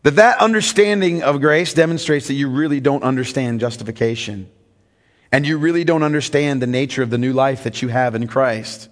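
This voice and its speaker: A man's voice: mid-range voice, brisk, long reverb tail. A man preaching a sermon as pastor, emphatic and teaching, often asking the congregation questions.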